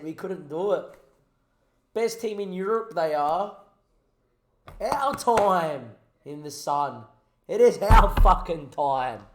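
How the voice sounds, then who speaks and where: A young man giving excitable play-by-play commentary on a football video game, jumping between commentator-style shouts and quiet, choked-up asides. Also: on the high side, reverberant. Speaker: gaming streamer.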